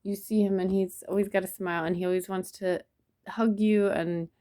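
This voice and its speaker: A woman telling a personal memory in a soft, reflective way, with many pauses and restarts. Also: medium pitch, steady tone. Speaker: vlogger. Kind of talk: personal storytelling to camera.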